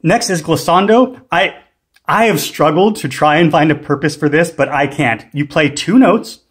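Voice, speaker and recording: A man with a slightly high, slightly rough voice hosts a music gear tutorial, giving a casual instructional demo. He explains unhurriedly, with frequent ums and restarts.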